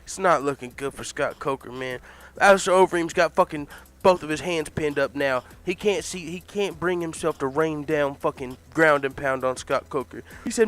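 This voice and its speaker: A man improvising a comic fight story, animated, excitable and full of swearing. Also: a little high, moderate pace.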